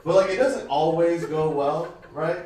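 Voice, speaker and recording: Male stand-up comic, slightly high voice, loose filler-heavy delivery, booming room from far off. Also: a little slow, darkish tone, very echoey. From United States. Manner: casual, rambling delivery with many fillers. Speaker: stand-up comedian. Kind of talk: stand-up comedy set. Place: comedy club stage.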